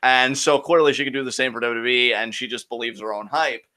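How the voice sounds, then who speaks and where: A man's voice: mid-range voice, steady tone, quick pace, sharp tone. Brash, profane man hosting a live Q&A. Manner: profane, heated ranting. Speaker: co-host of a Q&A show. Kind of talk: casual live-stream chat.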